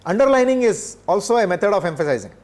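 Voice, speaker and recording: An older man from India, giving a classroom lecture in a measured way, pausing often with filler sounds. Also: sits high, very animated. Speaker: professor. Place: lecture room.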